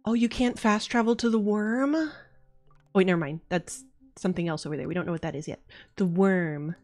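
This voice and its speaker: A young woman streaming a game, chatting casually and excitably and swearing freely. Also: medium pitch, fairly quick, dry recording, faint music behind. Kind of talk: casual live-stream chat.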